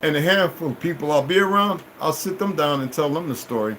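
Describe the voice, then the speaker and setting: A man's voice: a little high, lively intonation, fairly quick, a bit bright, slight background noise, poor audio. A middle-aged man telling a long personal story as a vlogger, in a rambling, profane, emphatic way. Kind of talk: casual storytelling monologue.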